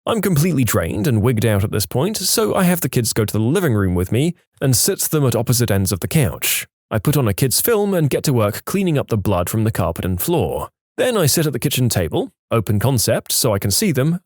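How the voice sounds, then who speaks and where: Guy reading internet stories out loud, voice all over the place, dry close sound, cracks jokes in between. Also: medium pitch, dry recording. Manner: expressive storytelling, jokey asides. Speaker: story narrator. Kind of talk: reading online stories aloud with commentary.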